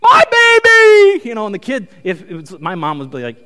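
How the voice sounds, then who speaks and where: A male pastor giving a conversational, animated sermon in a church. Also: a little high, fast talker. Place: church sanctuary. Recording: reverberant church hall.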